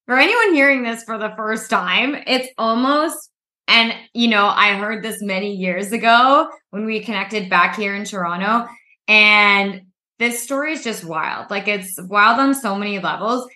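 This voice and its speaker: A woman hosting a podcast who reacts to her guest in a slow, reflective casual chat. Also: medium pitch, sharp tone, echoey room. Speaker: podcast host.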